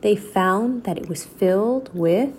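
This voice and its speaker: A woman reading a children's chapter book aloud in a steady, clear storytelling voice. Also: mid-range voice, slow pace, slight background noise.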